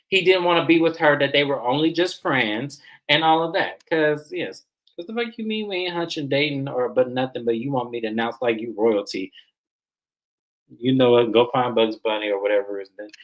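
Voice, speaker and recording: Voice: medium pitch, a little fast, a bit bright, low-quality recording. A reality TV recap host giving casual, sassy commentary and repeating phrases for emphasis.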